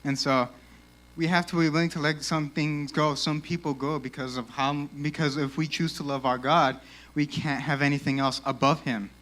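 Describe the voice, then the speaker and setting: A young man giving a casual, animated youth sermon in a church, peppered with "like," and a little out of breath. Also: a little high, normal speed. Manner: casual, animated, lots of 'like'. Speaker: youth speaker.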